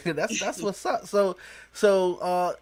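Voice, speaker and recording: A man's voice: high-pitched, slow. A man hosting a podcast interview in casual chat, often restarting sentences and repeating "you know what I'm saying". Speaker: podcast host.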